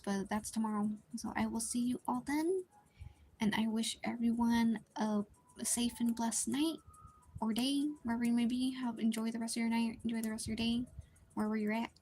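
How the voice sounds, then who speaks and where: A young woman chats on a drawing stream, keeping her voice quiet and half-whispered. Her pitch sits a little high and her talk wanders, full of fillers and restarts. A faint hiss runs underneath. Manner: speaks quietly at low volume, partly whispering; rambling, many likes and restarts. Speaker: art streamer. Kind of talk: casual live-stream chat while drawing.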